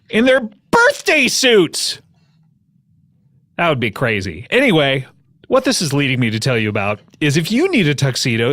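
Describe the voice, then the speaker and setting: A man's voice: mid-range voice, a bit bright. Playful man hosting a podcast. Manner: joking, playful, ad-libbing. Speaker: podcast host. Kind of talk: casual comedic interview and ad read. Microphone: studio microphone.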